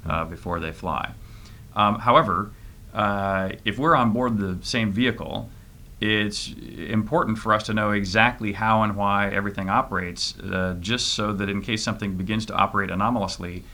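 A private spaceflight trainee, middle-aged, responds to an interviewer in a forceful, bright, low voice. He stumbles along with many restarts, plugging pauses with "you know" and "uh."

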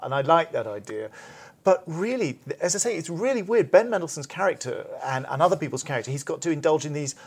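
A man's voice: fairly high pitch, animated, quick pace, slightly rough. A man film critic in a casual review chat, rambling enthusiastically and mock-quoting lines for laughs.

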